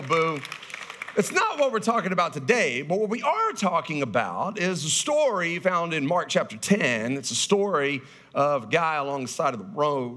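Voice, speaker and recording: Animated folksy preacher man. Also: high voice. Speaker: guest preacher. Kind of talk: sermon with humorous storytelling.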